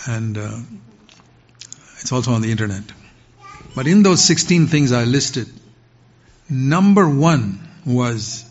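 An older man preaching a sermon to a seated congregation, firing off sharp rising questions and dropping to quiet asides. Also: medium pitch. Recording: dull lo-fi sermon recording.

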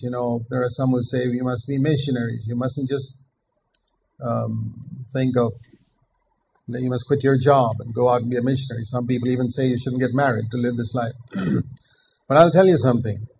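Older man, preacher, gravelly voice, earnest measured sermon, emphatic repetition. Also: mid-range voice, dark tone, a little hiss or hum, poor audio.

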